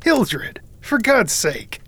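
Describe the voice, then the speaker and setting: A man reading an audiobook, voicing a brash, teasing young male cavalry officer in a hearty, brisk manner. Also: fairly high pitch, sing-song, a little hiss or hum. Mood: alarmed.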